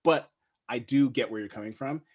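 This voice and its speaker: A man's voice: mid-range voice, normal speed, background noise. A man co-hosting a casual chat show, talking expressively and playfully. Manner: expressive, laughs often, playful. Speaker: podcast co-host.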